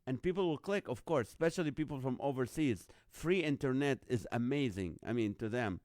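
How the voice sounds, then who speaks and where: A man's voice: medium pitch, lively intonation, a little fast, a little mellow, no room sound, studio quality. A middle-aged man hosting a live online show in casual, rambling chat, greeting viewers by name.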